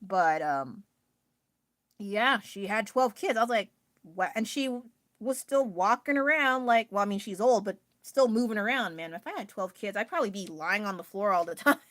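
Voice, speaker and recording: American woman rambling on a phone livestream, bright tense voice, dry close sound, laughs a lot. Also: medium pitch, lively intonation, moderate pace, dry recording. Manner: chatty, rambling, laughs often, answers chat. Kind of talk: casual livestream chat.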